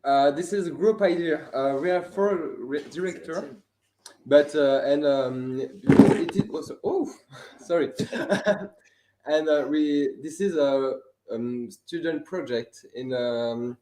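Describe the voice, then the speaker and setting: A man's voice: on the high side, mellow, roomy sound, a little hiss or hum. A young man from France with a French accent, a native French speaker, being interviewed about his student film and searching for his English words. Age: young adult. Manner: halting, searching for English words, laughs often. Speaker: guest filmmaker, animation student. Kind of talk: live video interview. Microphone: video call.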